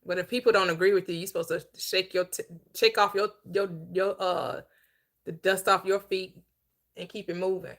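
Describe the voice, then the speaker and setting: Lady preaching on a livestream, bright sharp voice, slows way down on the big points, chats w/ viewers. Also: fairly low pitch, steady tone. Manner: emphatic, conversational preaching with slowed stressed phrases; chatty asides to viewers, quick laughs. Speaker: host and Bible teacher. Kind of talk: livestreamed Bible teaching.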